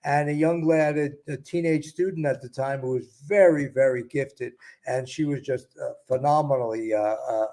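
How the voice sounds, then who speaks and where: A man who is an actor and author, answering interview questions in a measured, explanatory way. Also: mid-range voice, fairly even intonation, dark tone.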